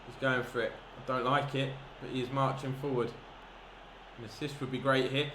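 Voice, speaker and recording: A man commentating on his own football video game match, chatty and easily excited, breaking into shouts at big moments. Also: medium pitch, moderate pace. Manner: excitable, bursts into shouts at chances. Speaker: gaming commentator. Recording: echoey room with background noise.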